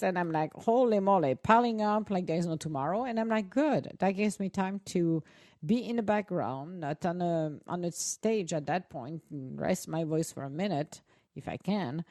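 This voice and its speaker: A woman's voice: mid-range voice, dark tone, dry recording, clean studio sound. A woman co-hosting a show, chatting casually and animatedly to her listeners with frequent exclamations and laughter. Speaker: co-host.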